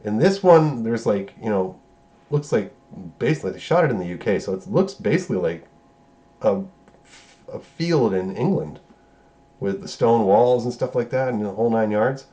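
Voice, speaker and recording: A man's voice: fairly low pitch, lively intonation, normal speed, dark tone. A man reviewing a movie, casually recapping scenes in a loose, profane way and correcting himself as he goes. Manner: loose, profane, rambling retelling with self-corrections.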